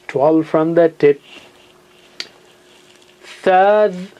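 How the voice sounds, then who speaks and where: A man's voice: on the high side, slow. A man teaching Quran recitation in a classroom lesson, patiently repeating letter sounds and words for students to copy.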